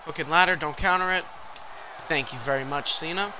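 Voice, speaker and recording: Young man, game streamer, excitable live commentary, bright voice, faint background hiss. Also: on the high side, fairly quick, a faint crowd. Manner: excitable, reacts loudly to the game.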